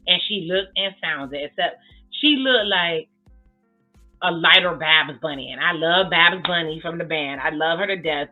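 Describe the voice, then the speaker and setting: A woman giving blunt, sassy casual commentary as she recaps a reality TV episode, swearing freely. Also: on the low side. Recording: tinny phone-like sound with faint music.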